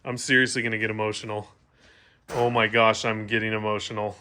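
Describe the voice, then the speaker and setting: A man hosting a casual bike build vlog, excitable and joking, often stammering and restarting his sentences in a home workshop. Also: lowish voice, brisk. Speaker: channel host.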